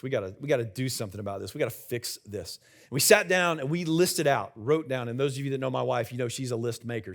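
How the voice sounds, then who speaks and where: A middle-aged man, the senior pastor, preaching a conversational sermon in a church and joking with the congregation. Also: medium pitch. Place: church sanctuary with live congregation.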